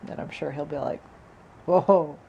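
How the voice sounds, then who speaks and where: Sick and tired, a woman vlogs at home beside a patio door, rambling in casual chat full of laughs and asides. Her voice sits on the low side, expressive and unhurried. The highs are cut off and there's slight background noise.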